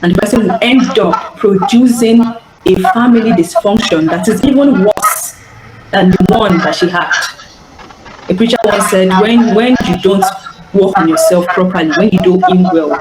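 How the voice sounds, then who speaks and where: A woman giving an earnest, repetitive live coaching talk over call audio. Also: mid-range voice. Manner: earnest, repeats phrases, stammers on restarts. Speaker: healing coach. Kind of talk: live online teaching talk. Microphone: online call audio. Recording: echoey, noisy call audio.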